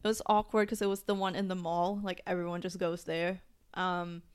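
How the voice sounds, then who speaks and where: A woman's voice: medium pitch, clean tone. A young woman co-hosting a podcast, chatting casually and telling a rambling story with lots of giggles and fillers. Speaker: podcast co-host. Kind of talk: casual chat.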